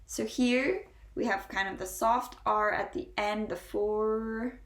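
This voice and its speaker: American woman, english pronunciation teacher, slow drawn-out example words, middle pitch, roomy echo. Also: a bit bright. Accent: General American. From United States. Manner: slow, drawn-out model words between brisk explanations. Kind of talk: pronunciation lesson.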